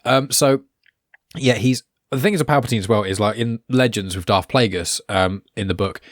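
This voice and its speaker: A man with a fairly low voice co-hosting a casual podcast, explaining things at length and filling pauses with "um" and "like." The recording is dry, with no room sound. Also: no echo. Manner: explanatory, full of fillers like um. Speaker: podcast co-host.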